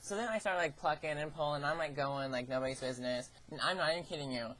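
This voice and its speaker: A woman's voice: low-pitched, fast, fairly bright tone, slight background noise. Teenage girl, casual storytelling, chatty, frequent swearing, acted-out quotes. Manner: chatty, swears a lot, acts out quoted lines. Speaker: vlogger.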